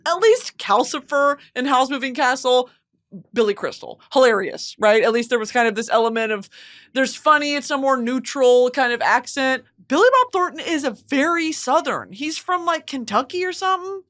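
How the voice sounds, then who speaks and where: A woman hosting a podcast in casual chat, excitable and swearing freely, on a close studio mic. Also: sits high, moderate pace, no echo. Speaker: podcast host.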